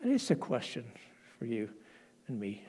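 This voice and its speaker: A man's voice: mid-range voice, huge pitch swings, moderate pace, dark tone, husky. A man preaching a sermon in a church, dramatic and acting out the quoted lines as he tells the story.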